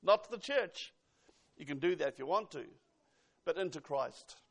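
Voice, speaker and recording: A man's voice: a little high, animated, moderate pace, gravelly. A man preaching a sermon, emphatic, quoting scripture and asking the congregation questions.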